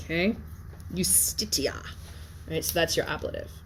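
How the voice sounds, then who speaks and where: A Latin teacher lectures her class conversationally, her low, expressive voice fairly bright and at a normal speed. She keeps checking in with listeners using "yes?" and "okay?". Slight background noise is audible.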